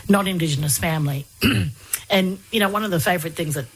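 A woman's voice: fairly low pitch, quick pace, slightly rough. A woman interviewing a guest, hesitant and searching for words with many fillers. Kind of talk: conversational interview.

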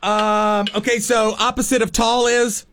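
A man co-hosts a radio word-guessing game in a voice pitched somewhat high for a man. He halts, restarts and fumbles for words, filling gaps with ums as he tries to lead his partner to the answer. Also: level tone, a bit bright. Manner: halting, searching for words. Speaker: radio show co-host. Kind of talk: radio game segment, giving clues.

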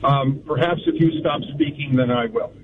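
A man calling in to a radio show over a thin, tinny phone line with a faint hiss. He stays calm and dry while he presses his argument. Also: a little high, normal speed. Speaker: caller. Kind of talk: call-in debate.

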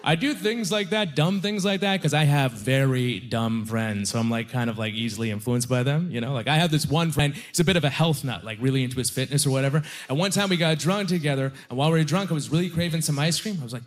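A male stand-up comedian from Halifax, performing an animated, wisecracking set that is full of "like" and "you know.". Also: medium pitch, quick pace, few pauses. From Halifax, Nova Scotia, Canada. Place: comedy stage before a live audience.

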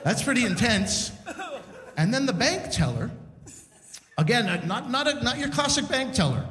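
A man hosting a live stand-up show, telling a story in a chatty, animated way with restarts and asides. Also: very high voice, normal speed. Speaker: stand-up comedian and show host. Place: stage in a community center hall. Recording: roomy live hall reverb.

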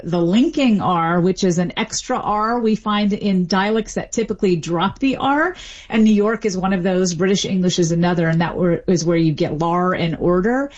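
A woman expert explaining how accents form, in a measured way with frequent fillers. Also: mid-range voice, muffled recording. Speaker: linguist guest. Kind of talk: expert interview answers.

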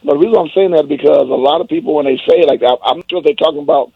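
A man's voice: racing, vocal fry, a loud crowd. An older man hosting call-in radio talk, emphatic and preachy in manner. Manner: emphatic, preachy, wide swings in pitch. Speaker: radio host. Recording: dry, phone-like radio sound.

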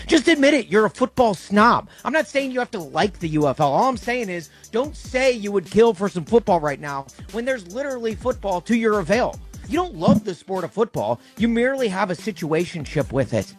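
A man's voice: sits high, big pitch swings, moderate pace, hardly any pauses, faint music behind. A man co-hosting a podcast, delivering a mock-outraged, sarcastic rant with silly quoted voices. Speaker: podcast co-host. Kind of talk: comedic rant segment.

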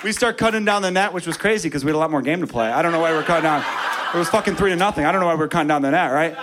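A man doing stand-up comedy, telling a story with loud, animated delivery and shouted character voices. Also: fairly high pitch, rapid-fire, noisy background.

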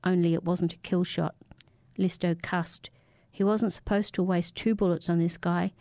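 A woman reading a dark fiction story aloud in a steady, measured narration. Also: lowish voice, no room sound.

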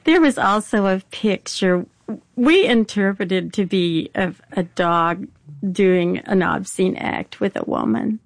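A woman's voice: medium pitch, takes it slowly, gravelly, dry recording. An older woman with a Southern accent, telling her own story plainly and wryly in an interview. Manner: plainspoken, wry, laughs a little. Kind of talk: personal storytelling.

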